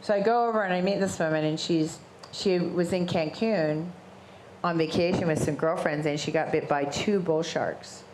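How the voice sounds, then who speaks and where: Middle-aged woman, interview guest, lively storyteller who acts out quoted voices, low voice with faint background noise. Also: moderate pace. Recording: roomy echo with faint ambient noise.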